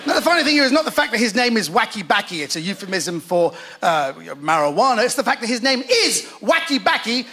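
Self-mocking high-voiced man on stage. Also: sing-song, a little fast, few pauses. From Iran. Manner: chatty, self-mocking, punchy delivery. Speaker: stand-up comedian. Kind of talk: live stand-up routine. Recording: loud live crowd and noise on stage.

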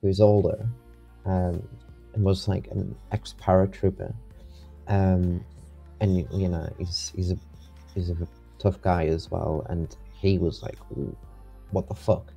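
A man's voice: low-pitched, flat delivery, unhurried, creaky, dark tone, breathy edge, faint music behind. A young man, rambling with many restarts as an interview guest. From England. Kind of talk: casual interview.

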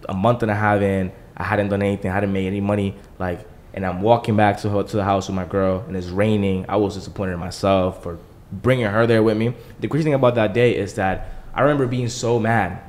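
Fast-talking young man, casual and profane. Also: fairly low pitch. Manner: fast, profane, animated storytelling. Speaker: podcast guest, entrepreneur. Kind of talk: casual storytelling.

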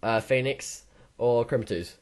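A young man hosting a gaming channel, chatting casually while opening cases, swinging between mumbles and excited yelps. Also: mid-range voice, measured pace. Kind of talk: casual case-opening commentary.

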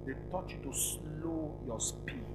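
Male pastor, live sermon; fairly high voice, hushed to shouting, music behind. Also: unhurried, rough recording. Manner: dramatic storytelling, swings from hushed to shouting. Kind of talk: preaching sermon. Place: live church service.

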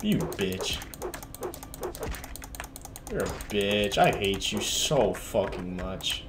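Lively, swearing man narrating his gameplay. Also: on the low side, drawn-out words, background noise. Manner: frustrated, profane trash talk at the game. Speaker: gamer playing a video game. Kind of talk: casual gameplay commentary. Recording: game music under the voice. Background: game music and keyboard typing.

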